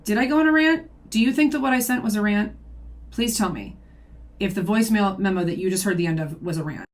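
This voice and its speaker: A woman's voice: mid-range voice, quick pace. A woman reacting to a video, defending herself point by point in casual commentary.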